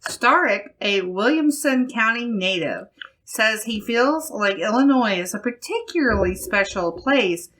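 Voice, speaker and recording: A woman podcast host reading a news article aloud in a slow, deliberate way. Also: fairly high pitch, animated, a bit bright. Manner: slow, deliberate reading with laughs between phrases.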